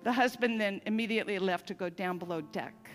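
Woman pastor giving a sermon, chatty storytelling, big echoey church hall with soft band music behind. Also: mid-range voice, brisk. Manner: warm storytelling, conversational asides. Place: church sanctuary. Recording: long reverb of a large church hall.

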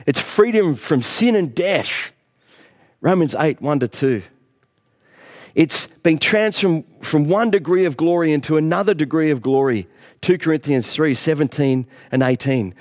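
Middle-aged man, pastor, preaching with earnest, rising emphasis. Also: on the high side. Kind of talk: sermon.

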